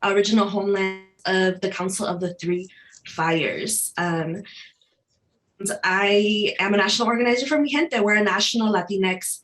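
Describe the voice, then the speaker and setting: A woman's voice: medium pitch, moderate pace, fairly bright tone. Earnest woman organizer from Chicago. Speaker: national organizer. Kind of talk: panel discussion talk.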